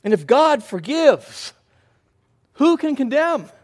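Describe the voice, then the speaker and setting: High-voiced man preaching a sermon. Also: very animated, takes it slowly. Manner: earnest preaching with swings from soft to emphatic. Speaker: pastor.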